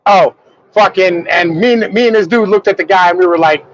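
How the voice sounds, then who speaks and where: A man's voice: high-pitched, fairly quick. A man co-hosting a podcast in rambling, profanity-heavy casual banter over a remote call. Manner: rambling, heavy swearing and fillers. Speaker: podcast co-host. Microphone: remote call connection that drops out. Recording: muffled dry remote call audio.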